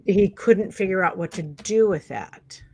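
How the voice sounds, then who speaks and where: A woman's voice: medium pitch, normal speed, warm tone, slightly rough. A woman hosting a talk show, reacting with short interjections and asking questions. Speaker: podcast host. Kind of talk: casual interview.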